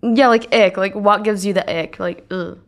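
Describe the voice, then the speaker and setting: A woman hosting a podcast in casual chat, telling stories in an animated, gossipy way. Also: medium pitch, moderate pace. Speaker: podcast host.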